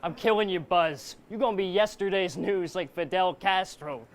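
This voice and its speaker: A man's voice: sits high, moderate pace. A man performing a live battle rap verse, aggressive and taunting, firing punchlines at his opponent. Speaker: battle rapper. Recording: live crowd noise around. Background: crowd.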